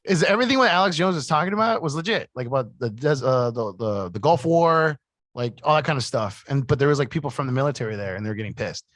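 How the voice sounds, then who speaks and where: Lively-voiced man rambling on a podcast. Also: mid-range voice, fast talker, no echo, studio quality. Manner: rambling, full of "like" and restarts. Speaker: podcast co-host. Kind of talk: casual chat.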